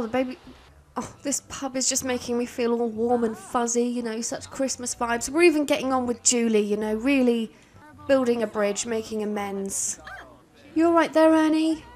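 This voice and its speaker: A woman's voice: a little high, darkish tone. A British woman giving cheeky, sweary, teasing commentary over a life-sim game she is playing. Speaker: gameplay commentator. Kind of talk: casual let's-play commentary.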